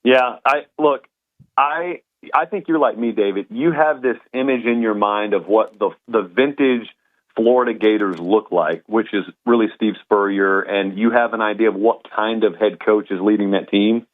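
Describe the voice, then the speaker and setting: A male football analyst calls in over a thin phone line. His lowish voice weighs in thoughtfully, agreeing with the hosts. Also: moderate pace. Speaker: college football analyst guest. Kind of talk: sports talk interview.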